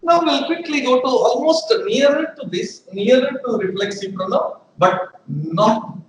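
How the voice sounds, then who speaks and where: A man teaching a grammar lesson, deliberate and repeating his examples for emphasis. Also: very high-pitched. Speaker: English teacher. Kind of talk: live educational lecture. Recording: roomy echo with faint room hum.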